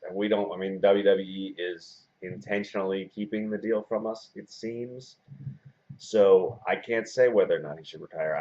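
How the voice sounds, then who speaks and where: A man in his forties with a very deep voice chats loosely to his camera, drifting through fillers and restarts in a flat, self-described monotone. The audio comes off dull and lo-fi, as if picked up by the camera's own mic. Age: 40s. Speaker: wrestling blogger and video host. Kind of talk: casual video blog chat.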